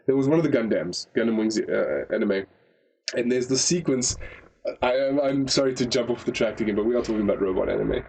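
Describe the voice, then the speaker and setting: Husky man rambling through a review. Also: mid-range voice, fast, rough recording. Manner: rambling, animated storyteller with frequent restarts. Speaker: podcast co-host reviewing anime. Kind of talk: casual review chat.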